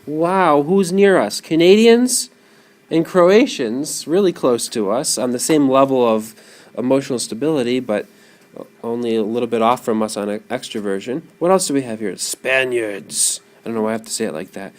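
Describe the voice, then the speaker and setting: A man giving a classroom lecture, animated and often putting questions to his students. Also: medium pitch, brisk.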